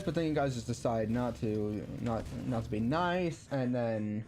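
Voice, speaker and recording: A young man chatting casually while streaming a game, rambling and halting with lots of ums and restarts. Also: medium pitch, darkish tone. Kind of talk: casual gameplay chat. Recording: faint game noise behind.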